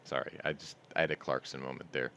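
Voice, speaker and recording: A man with a deep, low-pitched voice hosts a casual news stream from home. He reads out headlines, then breaks off into sardonic, offhand commentary. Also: little pitch movement, fast talker, pushed and bright.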